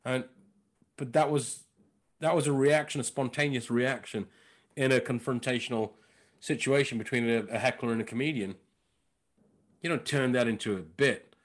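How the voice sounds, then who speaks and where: A man's voice: medium pitch, moderate pace, long pauses. A man who is a stand-up comedian, chatting casually as a podcast guest, telling stories and acting out other people's voices. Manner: animated storyteller, acts out voices and impressions.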